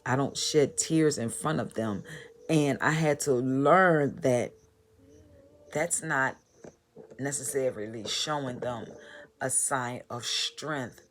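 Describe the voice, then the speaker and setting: A woman telling her personal story in a vlog, halting and repeating phrases in a heartfelt way. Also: a bass voice, slight background noise. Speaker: motivational vlogger.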